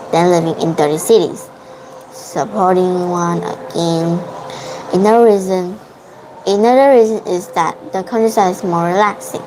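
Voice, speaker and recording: A woman's voice: fairly low pitch, noisy background. A young woman, a Vietnamese-speaking English student, practicing a debate in an online lesson, hesitant and often correcting herself. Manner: hesitant, restarts and self-corrections.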